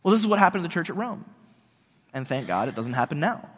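High-voiced casual male preacher. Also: big pitch swings, fast talker, breathy edge, long reverb tail. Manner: casual, chatty preaching with slang and fillers. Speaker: pastor. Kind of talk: sermon.

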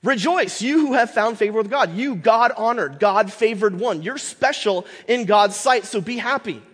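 A man's voice: sits high, lively intonation, unhurried, a bit bright, breathy edge, in a large hall, voice pushed up, heavily acted. A man playing an effusive heavenly messenger. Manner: effusive, elevated, emphatic. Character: exuberant heavenly messenger, male.

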